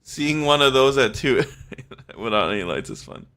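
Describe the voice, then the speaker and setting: A man's voice: mid-range voice, expressive, moderate pace, pushed and bright. A man in his forties chatting casually with his live-stream audience, laughing often and swearing freely.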